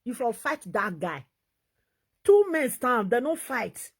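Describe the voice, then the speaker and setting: A woman with a Nigerian Pidgin accent, talking in an animated, laughing vlog commentary. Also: on the high side, slow pace, breathy edge. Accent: Nigerian Pidgin English. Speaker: vlogger.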